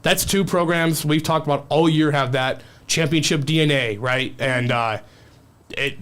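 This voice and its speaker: A man co-hosting a local sports show, talking enthusiastically in a rambling way, full of fillers and restarts. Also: a little high. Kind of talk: casual sports talk.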